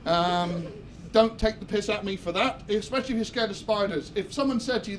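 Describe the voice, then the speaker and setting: Young man with a Southwest English accent doing confessional stand-up, fairly high voice, noisy club. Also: fairly even intonation, fairly quick. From Somerset, England. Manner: chatty, self-mocking, confessional. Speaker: stand-up comedian. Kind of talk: stand-up comedy set. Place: comedy club stage. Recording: noisy live comedy club.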